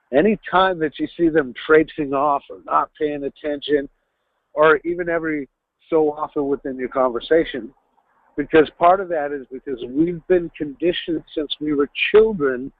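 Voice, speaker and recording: A man's voice: fairly high pitch, no room sound. Man, sales trainer, emphatic coaching delivery, phone-quality webinar audio. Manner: instructive, coaching, emphatic on key words. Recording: tinny phone-line webinar audio, dry.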